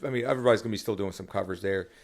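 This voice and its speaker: A man's voice: lowish voice, racing. A man talking as a songwriter guest on a podcast, rambling casually with many restarts and fillers.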